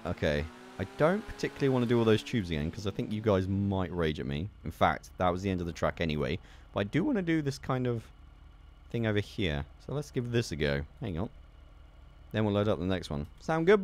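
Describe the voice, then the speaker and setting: Excitable young man with a lively voice. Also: on the low side, slight background noise. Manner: excitable, swears and laughs at mishaps. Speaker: gaming YouTuber. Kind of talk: gameplay commentary.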